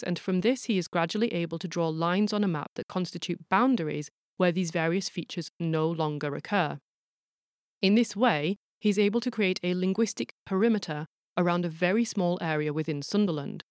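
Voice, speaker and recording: A woman's voice: on the low side, fairly quick, a little mellow, dry recording, clean studio sound. A woman hosting a podcast, reading a scripted narration in a playful, explanatory way and sounding out examples aloud. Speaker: podcast host.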